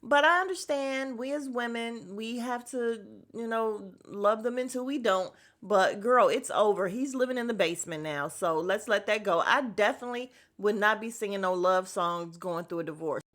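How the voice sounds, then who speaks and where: A woman hosting a casual podcast, recapping a reality show in a sassy, animated way and acting out quotes in exaggerated voices. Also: medium pitch, normal speed, few pauses.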